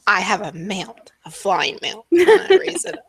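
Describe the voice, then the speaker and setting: A woman's voice: mid-range voice, very animated, moderate pace, vocal fry, a bit bright, slight background noise. A woman player in a tabletop game, talking playfully. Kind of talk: tabletop role-play chat.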